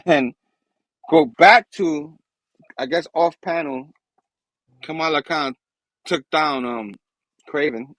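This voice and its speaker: A man's voice: fairly high pitch, takes it slowly, pauses often, fairly bright tone, dry recording, poor audio. A man hosting a casual comic book review chat, enthusiastic and rambling. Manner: enthusiastic, rambling, acts out characters' lines. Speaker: host.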